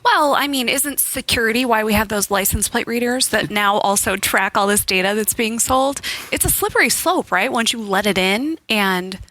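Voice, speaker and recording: Woman co-host, sharp bright tone, questioning and skeptical. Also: a little high, moderate pace, hardly any pauses. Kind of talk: casual chat.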